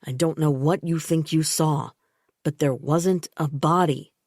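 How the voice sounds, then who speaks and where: Woman narrator voicing a firm dismissive man, patronizing, low slow delivery, dry sound. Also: fairly even intonation, a little mellow, dry recording.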